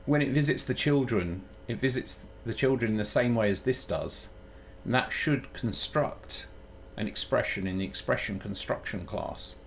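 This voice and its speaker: A man streaming live while programming, thinking aloud in a halting way that keeps breaking off mid-sentence. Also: medium pitch, creaky, a bit bright, slight background noise. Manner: halting, self-interrupting, muttering while working.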